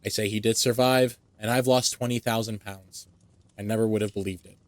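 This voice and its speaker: A man voicing an old gentleman who grudgingly admits defeat, in a dry recording. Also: on the low side, fairly even intonation, brisk, no echo, natural voice. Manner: grudging, disbelieving. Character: older gentleman, grudging loser of a bet.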